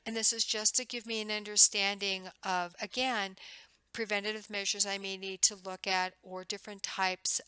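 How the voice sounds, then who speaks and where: Bright, crisp woman lecturing. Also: medium pitch, no echo, poor audio. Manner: conversational, acts out questions to patients. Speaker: nursing instructor. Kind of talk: recorded lecture.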